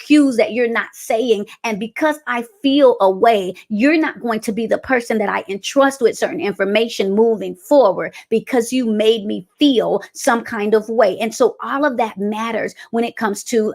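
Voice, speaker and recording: A woman's voice: mid-range voice, gravelly. A woman giving a conversational motivational talk on communication, with frequent fillers and restarts. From American South. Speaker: speaker on communication.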